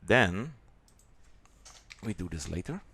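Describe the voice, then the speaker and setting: A man with a German accent walking through a software tutorial in a halting way, with many pauses and fillers. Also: deep voice, sing-song, vocal fry, breathy edge. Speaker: software demonstrator.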